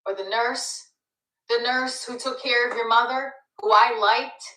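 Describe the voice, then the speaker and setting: A bright, high-pitched voice of a middle-aged mob wife, raging at her cheating husband, as a woman acts her out. The lines grow from accusing to shouting. It is a scene played back with a roomy echo, heard from some distance off the mic. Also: fairly even intonation, unhurried. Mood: hurt, accusing. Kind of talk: TV audition scene.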